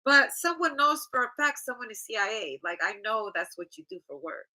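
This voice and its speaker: Blunt, chatty woman with a bright edge. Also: on the high side, sing-song, brisk, low-quality recording. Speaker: tarot reader. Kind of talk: casual tarot reading vlog.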